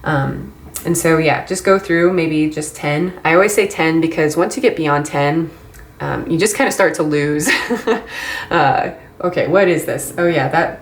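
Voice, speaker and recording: A woman training volunteer English mentors in a relaxed, chatty way, with frequent ums and light laughs. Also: low voice, measured pace. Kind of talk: casual instructional talk. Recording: echoey room, faint ambience.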